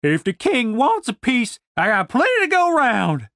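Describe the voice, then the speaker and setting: Man doing a drunk foul-mouthed woman, shrill, loud, crude taunts, storybook reading. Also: huge pitch swings, measured pace, dry recording, studio quality, heavily acted. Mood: taunting.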